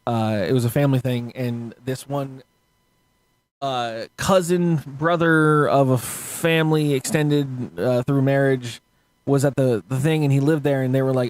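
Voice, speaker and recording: A man's voice: mid-range voice, unhurried, no room sound. A young man telling stories in casual podcast chat, swearing often and acting out other people's voices. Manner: animated storyteller, swears often, acts out voices.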